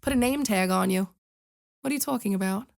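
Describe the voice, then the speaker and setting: Sassy young woman with a gravelly edge. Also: mid-range voice, fairly quick, a little mellow. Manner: sassy, chatty and self-motivating. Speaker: singer and podcast host. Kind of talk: casual chat to camera.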